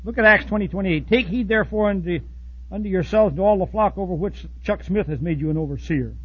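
Husky high-pitched guy preaching, blunt folksy sermon, muffled old recording. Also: quick pace. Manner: blunt, folksy preaching with sudden loud outbursts and soft asides. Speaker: pastor.

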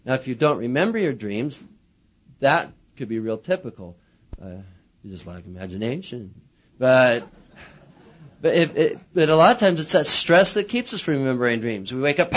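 A man's voice: medium pitch, normal speed. A man teaching pastors in a humorous, chatty lecture, acting out little quotes as he talks. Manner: chatty, animated, acts out quotes. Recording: muffled lo-fi recording.

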